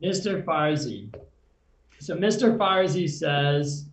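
A man reads out lines from a comedy script he is writing live, loose and playful. His voice is fairly high and unhurried. It comes through a roomy, slightly muffled mic with faint noise behind it. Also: far from the mic. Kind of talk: improvised script reading.

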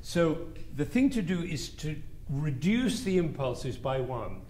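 A man's voice: fairly high pitch, very animated, takes it slowly, mellow. An older man leading a music interpretation class, coaching a player and singing the phrases aloud in a playful, coaxing way. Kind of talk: masterclass coaching.

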